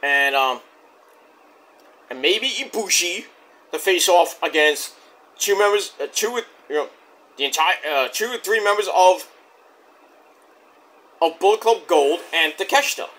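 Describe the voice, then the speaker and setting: High, animated man recapping a show. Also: unhurried, pauses often. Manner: loose, profane play-by-play retelling; rambling with frequent restarts. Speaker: wrestling show reviewer. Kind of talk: casual recap review.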